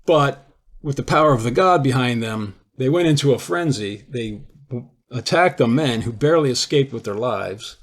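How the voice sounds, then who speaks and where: A man's voice: mid-range voice, slightly rough. A man giving an informal lecture. He retells a classic play in a conversational storytelling way, with frequent restarts. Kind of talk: informal lecture explaining a theory.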